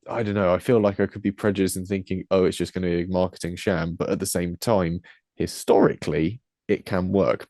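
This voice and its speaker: A man's voice: sits low, mellow, no echo, studio quality. A man co-hosting a podcast, talking casually in rambling sentences full of "sort of". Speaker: podcast co-host. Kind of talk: casual chat.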